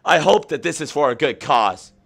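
Guy hosting a joke stream, kinda high voice, keeps repeating himself all worked up and fake serious. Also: normal speed, vocal fry, faint music behind. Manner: excitable, repetitive, mock-earnest. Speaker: host. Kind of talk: comedic livestream chat. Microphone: webcam setup.

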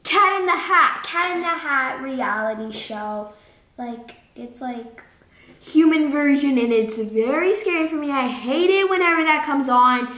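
Woman, drawing teacher, chatty and rambling, high voice, unhurried, echoey room. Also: expressive, sharp tone. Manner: chatty, rambling, playful asides. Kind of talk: casual follow-along drawing lesson.

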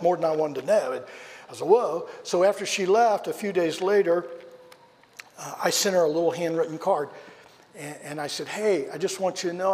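A man preaching a sermon, telling a personal story in an animated way, moving between loud and hushed delivery. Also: fairly high pitch, in a large hall. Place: church sanctuary.

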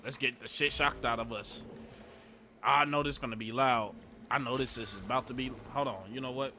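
A man's voice: mid-range voice, fairly even intonation, moderate pace, pushed and bright, a little hiss or hum. A young man giving laid-back, chatty gameplay commentary, swearing often and talking to his viewers. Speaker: gaming streamer.

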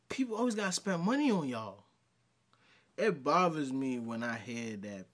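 A man reacting to a video in casual commentary, his pitch swinging widely as he gets worked up. His tone is bright and forceful, full of slang, and he argues straight back at the screen. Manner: exasperated, slangy, talks back at the clip.

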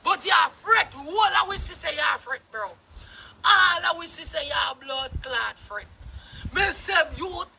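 High shouting Jamaican voice, mocking. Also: lively intonation, measured pace, vocal fry, faint music behind. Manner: loud, mocking, laughing, swearing, shouts often. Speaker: commentator. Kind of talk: ranting commentary.

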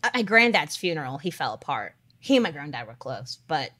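A woman co-hosting a podcast, telling stories in a chatty, animated way with lots of fillers and quoted asides. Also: low voice, brisk. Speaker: podcast co-host. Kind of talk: casual chat.

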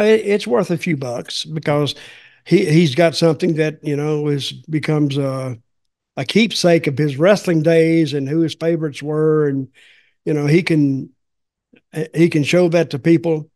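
Gravelly older man telling rambling stories. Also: fairly high pitch, darkish tone. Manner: rambling, folksy, repeats himself. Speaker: podcast host. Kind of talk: casual storytelling chat.

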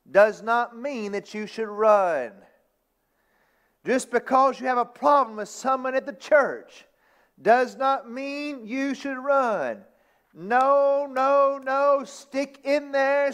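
Male pastor preaching, very high voice, emphatic repetition, reads old-style scripture. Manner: reads scripture in King James wording. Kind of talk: sermon. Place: church sanctuary.

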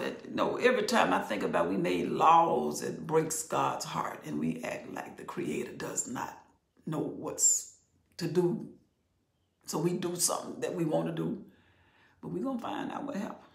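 An older woman giving animated Bible teaching in an expressive, conversational preaching manner, sometimes dropping to near whispers. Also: on the low side, a little slow, creaky. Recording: roomy echo.

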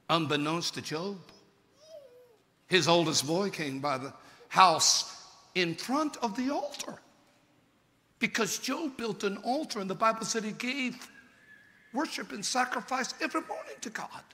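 A man preaching a sermon, retelling a story theatrically, swinging between shouted peaks and hushed lows. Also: animated, measured pace, long pauses. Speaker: pastor. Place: large church sanctuary. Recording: long hall reverb from a church service.

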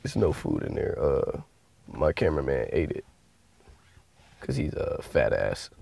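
A man's voice: very deep voice, sing-song, a little slow, gravelly, mellow, no room sound. A man talking casually to camera in a prank vlog, joking and cursing at himself. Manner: joking, self-mocking, profane. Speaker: prank video creator.

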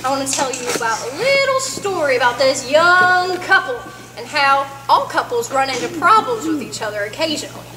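A woman playing a folksy country comedienne, telling corny jokes on stage in a drawn-out, chatty way. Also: high-pitched, very animated. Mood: cheerful. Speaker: comedy performer at a church variety show. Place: church fellowship hall on stage. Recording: echoey hall with audience noise. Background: audience chatter and room noise.

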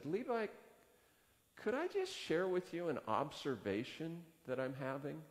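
Slow, lively-voiced male pastor in reverb. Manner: conversational, acts out dialogue with rising pitch. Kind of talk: sermon storytelling. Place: church sanctuary. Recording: long hall reverb.

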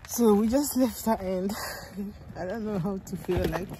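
A woman's voice: medium pitch, measured pace, dark tone. A young woman vlogging to camera from a car, emotional and laughing through tears as she talks in a casual way. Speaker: family vlogger. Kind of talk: casual vlog talk to camera. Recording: noisy car recording.

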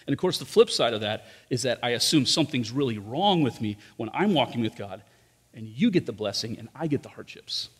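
A pastor's medium-pitched, husky voice moves briskly and expressively through his sermon at a church service in a large room. He keeps it conversational with rhetorical questions and frequent asides to the congregation, and the hall gives a long reverb.

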